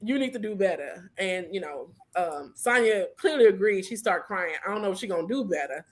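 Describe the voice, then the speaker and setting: A woman's voice: mid-range voice, expressive, fairly quick. Easygoing giggly woman recapping. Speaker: podcast co-host. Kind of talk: casual recap chat.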